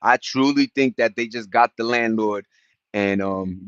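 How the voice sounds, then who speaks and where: A man's voice: medium pitch, a little slow, a bit bright, dry recording. A man, chatting loosely on a livestream, greeting viewers and laughing as he talks. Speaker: livestream host. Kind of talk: casual livestream chat. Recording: dull lo-fi sound.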